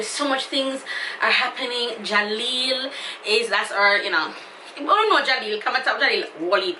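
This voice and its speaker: A woman's voice: mid-range voice, sharp tone, recorded from a distance, a little hiss or hum. A woman with a Jamaican accent talking to her viewers in a casual, emotional, effusive vlog. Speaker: YouTuber. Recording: echoey room, somewhat off-mic.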